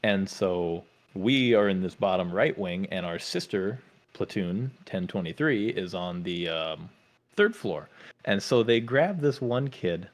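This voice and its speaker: Male podcast co-host, lower voice, animated storyteller who acts out the people in his stories. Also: unhurried. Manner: animated storyteller acting out drill instructors. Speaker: former Marine. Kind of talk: casual storytelling chat.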